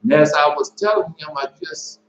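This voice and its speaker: A man recounting his dreams in a casual, rambling way, halting often and repeating and correcting himself as he goes. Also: on the high side. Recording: roomy, dull lo-fi with faint hum.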